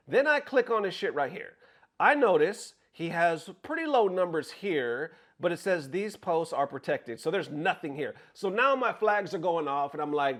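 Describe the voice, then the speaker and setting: A man's voice: on the high side, normal speed. A man talking casually to his viewers, swearing freely and acting out what other people said. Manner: animated, swears freely, acts out quotes. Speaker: content creator. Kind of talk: casual commentary vlog.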